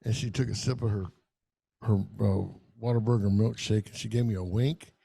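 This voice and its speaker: A middle-aged man with a gravelly, dark voice spins a rambling, profane story on a casual podcast. He talks loosely and animatedly, cursing freely as he goes. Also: on the low side, fairly even intonation, moderate pace. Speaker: podcast co-host.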